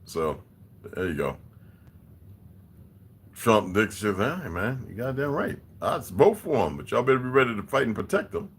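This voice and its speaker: A man hosting a livestream in casual chat, reading and answering viewer comments, profane and blunt, laughing often and swinging between quiet muttering and loud heated outbursts. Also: on the low side, very animated, moderate pace, long pauses, husky. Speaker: livestream host.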